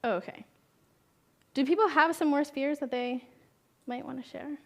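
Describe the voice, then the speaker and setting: A young woman therapist's conference talk to parents is chatty and conversational, with frequent questions to the audience and brief turns voicing the people she quotes. Her slightly high, somewhat bright voice moves at a normal speed with fairly even intonation.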